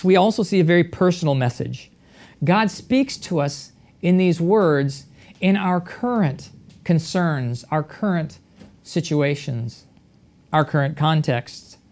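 Preacher with measured rhetorical questions. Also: mid-range voice, darkish tone. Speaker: pastor. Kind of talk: sermon.

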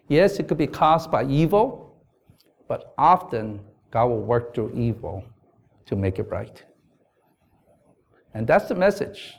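A man's voice: a little high, darkish tone. Earnest man preaching a sermon. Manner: earnest, conversational preaching with asides to the congregation; reads scripture aloud. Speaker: pastor.

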